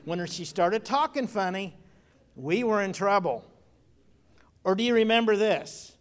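A man's voice: sits high, expressive, unhurried. A middle-aged man preaching a sermon, telling folksy stories from his own childhood and often repeating phrases for emphasis. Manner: folksy storytelling with personal memories and repeated phrases. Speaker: pastor.

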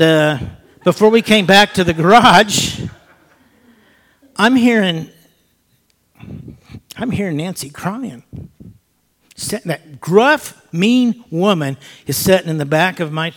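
An older man sharing a personal testimony as an animated storyteller who drops to soft, hushed tones. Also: fairly high pitch. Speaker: speaker giving a personal testimony. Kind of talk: spoken testimony.

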